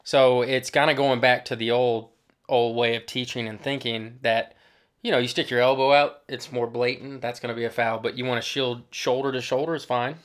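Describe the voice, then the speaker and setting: A man, a former professional player co-hosting a soccer show, explaining in casual chat with halting restarts. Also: mid-range voice, level tone, a bit bright.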